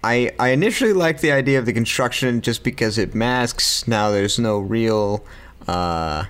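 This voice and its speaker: A man co-hosting a podcast in casual chat, playful and animated. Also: medium pitch, moderate pace, clear, resonant tone. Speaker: podcast co-host.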